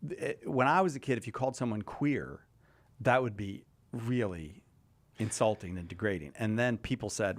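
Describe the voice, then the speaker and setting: A man's voice: on the low side, moderate pace. A man hosting a radio talk show, chatting casually with a panel and thinking aloud with lots of restarts.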